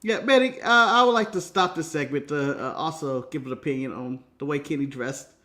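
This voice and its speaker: High-voiced American podcast man. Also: brisk, sharp tone. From United States. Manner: playful, swears, laughs through his words. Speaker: co-host. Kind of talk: casual wrestling podcast chat.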